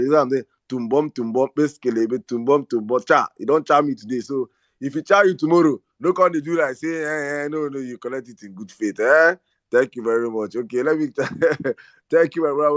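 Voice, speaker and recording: Heard in a dry, studio-quality recording, this man's mid-range voice carries a Nigerian accent. He's hosting a live audio space online and speaks impassionedly to rally listeners, restarting and doubling up on words while drifting into Pidgin.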